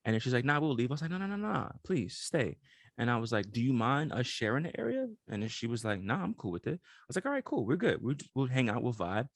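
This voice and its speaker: Young dude podcast cohost, gravelly, laughs a lot telling club stories. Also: male voice, mid-range voice, quick pace, no echo. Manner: animated, laughs often, lots of slang. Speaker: podcast co-host. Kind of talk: casual chat and storytelling.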